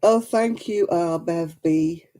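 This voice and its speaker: A middle-aged woman from Lancashire, England, with a Lancashire accent hosts a crafting live stream, speaking slowly in a lowish, dark-toned voice. Her throat is rough and she coughs as she chats casually, laughs and greets viewers by name.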